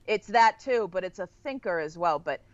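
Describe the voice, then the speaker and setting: A woman with a fairly low voice talks through a film plot at length for her co-host, in a casual, conversational way. She often slows down to stress a point, then speeds up again. The sound is close and dry, with no room echo. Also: expressive, lo-fi sound. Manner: long, detailed plot recaps. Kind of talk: casual movie discussion.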